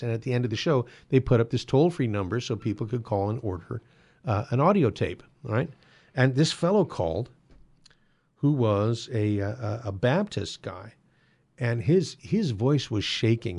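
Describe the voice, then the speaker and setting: Male host, gravelly mid-pitched voice, casual teaching monologue full of ums and restarts. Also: darkish tone. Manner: conversational, frequent fillers and restarts. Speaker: Catholic apologetics host.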